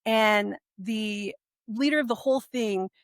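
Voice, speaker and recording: A woman in her forties, a podcast guest, telling her personal story in a lively way and acting out what people said. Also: medium pitch, unhurried, dry recording, studio quality. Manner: animated, acts out quoted speech.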